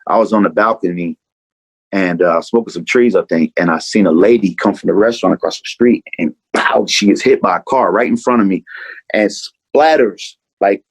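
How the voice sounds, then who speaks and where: A man's voice: lowish voice, moderate pace, breathy edge, no echo, low-quality recording. A man from Atlanta, a rapper speaking as an interview guest in a rambling, profane way, full of "man" and "you know.". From Atlanta, USA. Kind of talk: candid interview talk.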